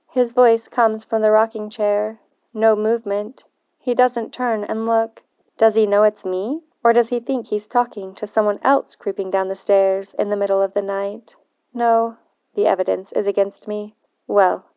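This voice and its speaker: A woman narrating a novel in the first person, in earnest, measured storytelling. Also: mid-range voice, a little mellow, clean tone, dry recording, studio quality. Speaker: audiobook narrator.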